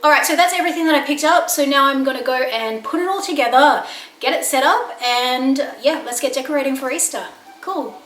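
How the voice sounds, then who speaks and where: An Australian woman with a fairly high voice talks chattily and brightly about her shopping haul. She is recorded indoors at home in an echoey room, with faint ambience underneath. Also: a little fast, a little hiss or hum. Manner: chatty, upbeat product talk with light laughs. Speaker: home and lifestyle vlogger. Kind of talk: casual chat.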